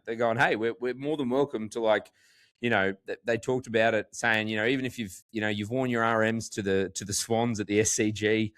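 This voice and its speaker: Chatty Australian man, low voice. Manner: chatty, heavy use of "like", animated storytelling. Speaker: podcast co-host. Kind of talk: casual chat.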